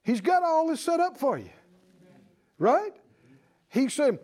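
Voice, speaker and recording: A man preaching a sermon, emphatic and animated, stretching out key phrases and rising to exclamations. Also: very high-pitched, measured pace, long pauses.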